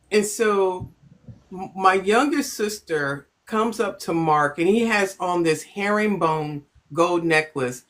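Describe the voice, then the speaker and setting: A woman's voice: mid-range voice, a bit bright. A middle-aged woman from Chicago telling a personal story on a phone livestream, rambling and stopping to greet viewers. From Chicago, United States. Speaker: host of a livestream.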